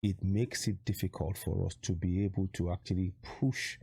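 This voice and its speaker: Nigerian man, activist vlogger; dark, low delivery, urgent and insistent, hammering home points with repeated questions. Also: fairly even intonation, moderate pace, creaky, slightly rough, dry recording. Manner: urgent, repetitive rhetorical questions. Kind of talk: direct-to-camera appeal.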